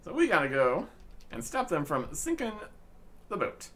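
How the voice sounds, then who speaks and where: A man's voice: on the high side, wildly swooping pitch, moderate pace, a bit bright. A man narrating his own gameplay with dry, joking commentary as a gaming channel host. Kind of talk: let's-play commentary.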